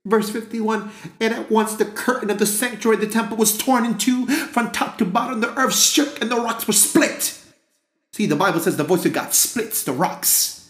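A man's voice: high voice, moderate pace, a bit bright, echoey room. A man preaching a fervent sermon with a repetitive, rhythmic cadence.

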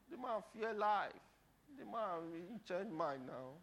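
A middle-aged man with a Nigerian accent preaching a sermon, telling stories and rising to dramatic shouts. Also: high voice, expressive, slow.

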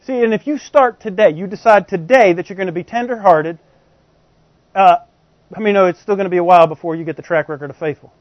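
A man's voice: high-pitched, fast, no room sound. A man preaching a sermon in a conversational way, constantly asking the congregation rhetorical questions. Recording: dull, dry lo-fi recording.

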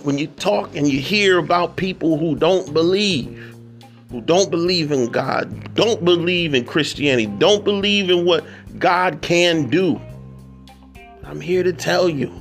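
A man's voice: on the high side, measured pace, soft background music. A man hosting a radio show, reading promos and then preaching about prayer in a preacherly way, repeating phrases for emphasis.

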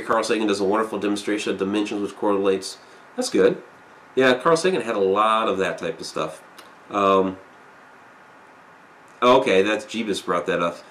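A man's voice: fairly low pitch, a bit bright, slight background noise. Rambling man chatting on a live stream. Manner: rambling, many fillers, reads viewer comments aloud. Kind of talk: casual live chat reading comments.

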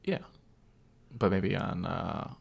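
A man speaks as a guest on a casual podcast, his voice somewhat low and gravelly. He mostly answers in short, dry replies. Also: slow pace.

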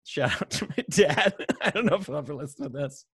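A man's voice: on the high side, expressive, fairly quick, a bit bright, breathy edge. A man co-hosting a podcast in casual chat, laughing often and joking about himself. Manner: chatty, laughs often, self-deprecating. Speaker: podcast co-host.

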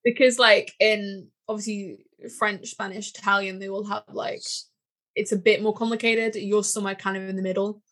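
A woman's voice: medium pitch, little pitch movement, moderate pace, fairly bright tone. A young British woman with a British accent chatting casually as co-host. She talks in a rambling way, full of "like" and fillers. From United Kingdom. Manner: chatty, rambling, many likes. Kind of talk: casual chat.

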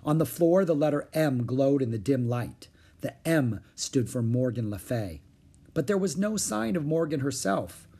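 A man reading a children's chapter book aloud in an expressive storytelling way. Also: mid-range voice, normal speed, slightly rough. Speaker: storybook reader.

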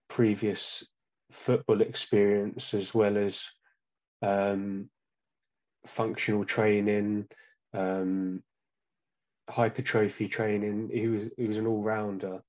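Flat-voiced man, hesitant casual chat. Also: fairly low pitch, muffled recording. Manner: hesitant, many "um"s and restarts. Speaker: guest.

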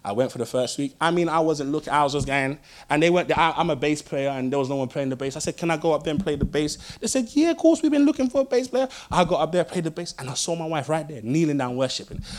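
Lively pastor preaching. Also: male voice, on the high side, quick pace. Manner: lively storytelling with emphatic repeated phrases. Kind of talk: sermon.

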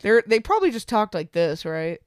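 A woman's voice: mid-range voice, very animated, brisk, darkish tone, clear, resonant tone, dry recording, studio quality. A woman co-hosting a podcast in casual, profane, rambling chat, often laughing. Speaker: podcast co-host.

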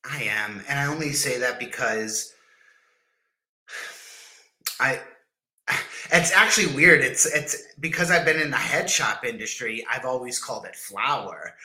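A man's voice: mid-range voice, lively intonation, a little slow, long pauses, bright, forceful tone, rough recording. A man co-hosting a podcast, talking in a rambling way with many restarts and easy laughs. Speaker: podcast co-host. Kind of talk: casual podcast chat.

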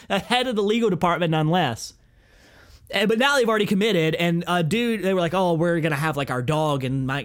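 A young man hosting a podcast, telling a story in a profane, rambling, excitable way. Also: high voice. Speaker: podcast host. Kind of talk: casual chat.

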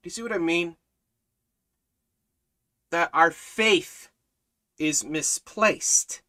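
A man's voice: sits high, bright, forceful tone. A man giving a Bible study as a sermon, preaching fervently with emphatic, repeated lines that build in intensity. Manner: preaching with rising fervor, repetitive emphatic lines. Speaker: Bible teacher.

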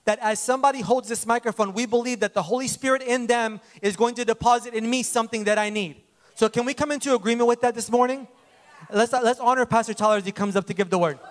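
Guy pastor hyping up the next preacher, really high voice, earnest church talk. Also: steady tone, fast talker. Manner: earnest, exhorting the congregation. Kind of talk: sermon introduction.

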